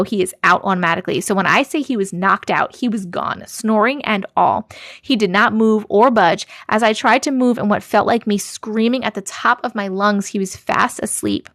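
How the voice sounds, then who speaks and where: A woman's voice: mid-range voice, normal speed, dry recording, studio quality. A woman hosting a live stream, reading viewers' scary stories aloud and reacting to chat. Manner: expressive, reacts with gasps and laughs between reading.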